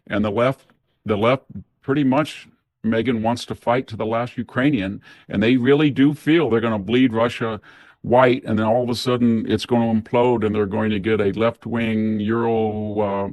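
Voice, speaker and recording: A man's voice: fairly low pitch, fairly even intonation, moderate pace, darkish tone, no room sound. An older man giving political commentary as a guest, speaking in long runs and acting out imagined dialogue.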